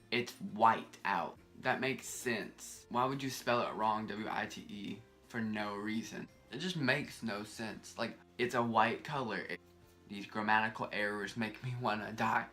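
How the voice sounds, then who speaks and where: A young man, talking casually and rambling to camera in a vlog, often exasperated and animated. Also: medium pitch. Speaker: vlogger.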